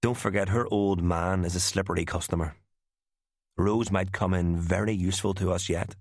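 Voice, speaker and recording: A man reading the part of a charming, calculating gunman on the run, with a smooth, persuasive manner. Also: low voice, fairly even intonation, moderate pace, dry recording, clean studio sound. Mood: calm.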